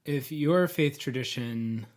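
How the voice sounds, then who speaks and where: A man's voice: medium pitch, slow, darkish tone. A man co-hosting a podcast, asking curious questions in casual chat. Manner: curious, brief interjections. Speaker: podcast co-host.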